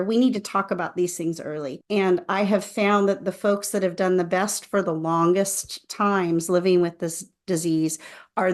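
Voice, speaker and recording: A woman co-hosting a podcast, talking in a casual, thoughtful and advising way. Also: on the low side. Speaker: podcast co-host. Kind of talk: casual conversational podcast talk.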